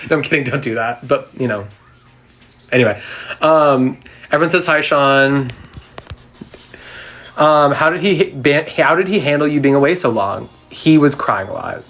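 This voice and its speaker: With a medium-pitched, slightly bright voice, a young man chats sassily on a live stream, answering fans' questions on his phone. He's at home on the floor, talkative and snappy with his comebacks.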